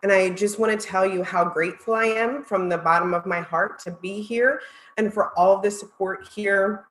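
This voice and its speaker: A woman's voice: lowish voice, fairly bright tone, roomy sound, slight background noise, low-quality recording. A woman presenting at a virtual conference, heartfelt and close to tears as she thanks her audience. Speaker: marketing executive presenter.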